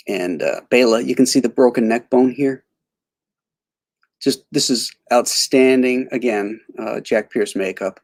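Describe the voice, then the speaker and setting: A man's voice: mid-range voice, a little mellow, dry recording. A man hosting a casual film commentary, rambling with many fillers and restarts. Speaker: host.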